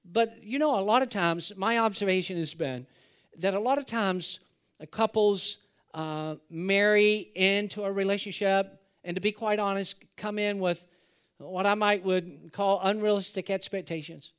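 A man's voice: high-pitched, a little slow, a bit bright, clear, resonant tone. A man preaching a sermon as a pastor, telling stories in a folksy way and acting out the quotes. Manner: folksy storytelling, acts out quotes.

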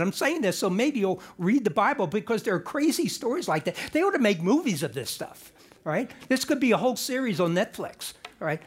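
High-voiced man preaching in a lively storytelling way. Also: a little fast, husky. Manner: animated storyteller with joking asides and frequent restarts. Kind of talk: conversational sermon retelling a Bible story.

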